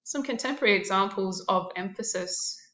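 A woman's voice: mid-range voice, a little fast, a bit bright, reverberant, muffled recording. A woman art teacher narrating a classroom lesson, explaining terms and listing examples with a few fillers.

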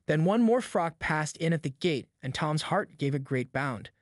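A man reading a classic novel aloud in a steady, measured audiobook narration. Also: a little high, dry recording, studio quality. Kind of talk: scripted narration.

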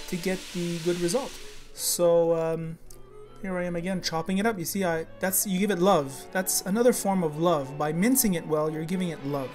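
A man's voice: sits high, normal speed. Guy chatting through a recipe, loose and rambly, lots of ums, faint music behind. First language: French. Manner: chatty, rambling, full of fillers. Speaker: home cooking show host. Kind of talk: casual cooking demonstration.

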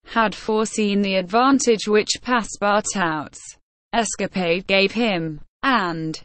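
Woman reading a classic novel aloud, slow and even, dry close sound. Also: medium pitch, dry recording. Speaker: audiobook narrator. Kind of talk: scripted narration.

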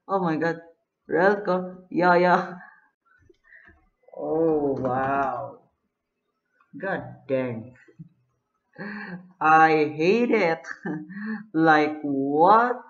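A gamer giving live gameplay commentary, excitable, full of exclamations and frustrated groans. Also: medium pitch. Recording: dull lo-fi recording.

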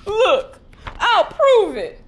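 A woman doing a clumsy soft-hearted warthog. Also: fairly high pitch, expressive, normal speed, slight background noise. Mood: pleading.

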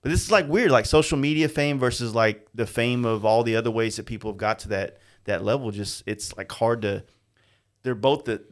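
A man hosting a podcast in casual chat, agreeable and relaxed, with lots of fillers. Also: mid-range voice, brisk. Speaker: podcast host.

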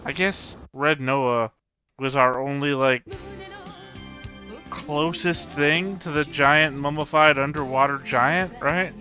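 A man's voice: fairly high pitch, takes it slowly, pushed and bright, soft background music. A man hosting an anime reaction channel, thinking aloud as he puzzles over the plot in casual solo commentary.

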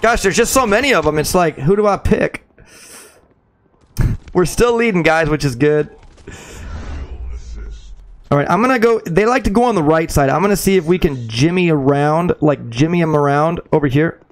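Young male streamer, excitable live commentary, slightly high voice, chats with viewers. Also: moderate pace, pauses often. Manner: excitable, chatty, greets viewers, calls them bro. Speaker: gaming streamer.

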